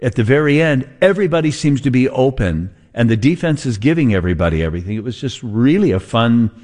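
A male sports talk host who rambles, restarting his sentences as he works out his thoughts. His voice is mid-pitched and conversational. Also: sing-song, fast, a little mellow. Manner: rambling, thinking aloud, with restarts.

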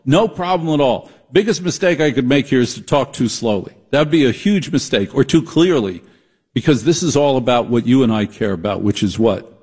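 A man's voice: medium pitch, expressive, a little fast, a little mellow, slightly rough. A man hosting a talk radio show, riffing sarcastically in a comedic monologue. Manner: riffing, sarcastic, puts on mocking voices.

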